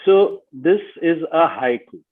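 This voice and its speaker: A man leading an online workshop, speaking slowly and deliberately and stressing each syllable as he reads. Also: fairly high pitch, expressive, slightly rough. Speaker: workshop facilitator. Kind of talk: online teaching session. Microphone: video call. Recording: tinny video-call audio.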